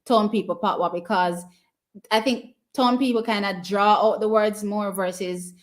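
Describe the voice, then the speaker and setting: A woman's voice: medium pitch, moderate pace. A Jamaican woman hosting a live stream, casually commenting on races, answering viewers' questions and cheering her team on. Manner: chatty and excitable, cheering teams on. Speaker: live stream watch party host.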